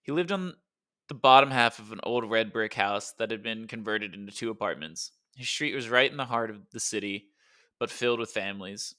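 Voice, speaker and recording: A man narrating an adventure audiobook in a steady storytelling manner. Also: lowish voice, fairly quick. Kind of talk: scripted narration.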